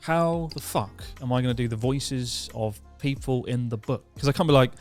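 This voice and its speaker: Casual podcast guest, a man, mid-pitch, swears and laughs easily, faint music under. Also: normal speed. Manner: laughs at own jokes, swears freely. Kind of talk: casual chat.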